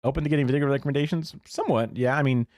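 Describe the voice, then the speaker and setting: A man's voice: medium pitch, very fast, a little mellow, no room sound, clean studio sound. A man hosting a live reaction stream, talking casually, opinionated, swearing and chuckling. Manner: opinionated, profane rants mixed with chuckles. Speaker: livestream host. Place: home streaming setup.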